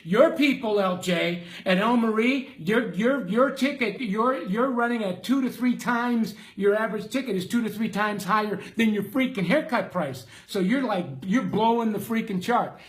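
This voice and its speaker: A middle-aged man coaching salon owners in a live stream, reading out viewer comments in a casual, slangy and excitable way with loud bursts. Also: sits high, moderate pace, hardly any pauses.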